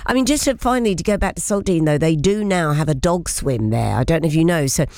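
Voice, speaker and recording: A woman in her sixties with a notably low voice, interviewing a guest with eager enthusiasm. The sound is dry and close, with no room around it. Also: expressive, quick pace, a little mellow, no room sound. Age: 60s. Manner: enthusiastic, gushing. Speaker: radio presenter. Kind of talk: casual interview chat.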